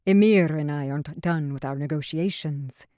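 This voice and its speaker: A woman's voice: low voice, moderate pace, warm tone, no echo, studio quality, lightly acted. A woman voicing a scheming middle-aged pirate captain who talks coolly, with a twisted humor, in an audiobook. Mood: sly.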